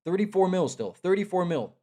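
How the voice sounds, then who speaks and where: A young man giving live commentary on a strategy game match. He is excitable, repeats himself and talks straight to the players. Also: high voice, fairly quick. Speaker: esports caster.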